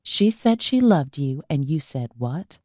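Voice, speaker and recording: A gentle young sister, as a woman reader puts her on, speaking quietly and calmly. Her voice is warm and low in a dry, close audiobook recording. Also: a little slow, no room sound, full character voice. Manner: quiet, soothing.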